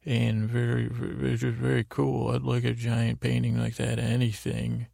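A man hosting a sleep podcast, slowly recapping a TV episode in a meandering way, with frequent ums and restarts. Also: medium pitch, monotone, creaky, dark tone, no room sound, studio quality. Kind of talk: rambling bedtime recap of a TV episode.

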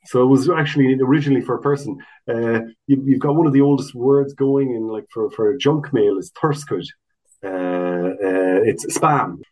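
A man's voice: mid-range voice, moderate pace, a little mellow, low-quality recording. A man, a guest in a casual interview, talking in a chatty, explanatory way full of restarts and asides. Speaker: guest, Irish language officer.

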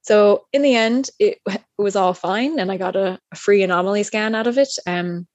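A young woman chatting casually as a guest, recounting a personal story with lively, acted-out quotes and plenty of fillers. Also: mid-range voice, normal speed, no echo, highs cut off. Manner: animated, acts out other people's lines; chatty with many fillers and restarts.

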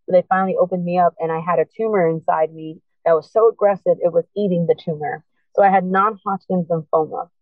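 A woman's voice: lowish voice, fast, dry recording. A woman sharing a personal testimony, telling it earnestly and with emotion, acting out remembered dialogue. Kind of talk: personal storytelling. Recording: tinny phone-like sound, dry.

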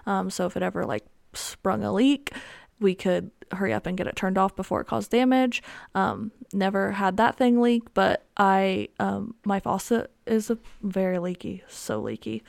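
A woman's voice: medium pitch, moderate pace, vocal fry, a little mellow, no echo. A young woman hosting her own podcast, telling a story in a rambling way with lots of ums and likes. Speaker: podcast host. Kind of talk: casual solo storytelling.

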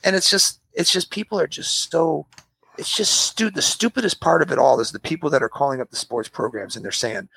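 A man chatting casually, telling animated stories and acting out the people he quotes. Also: fairly high pitch, fairly quick, gravelly, husky, no echo. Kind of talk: casual chat.

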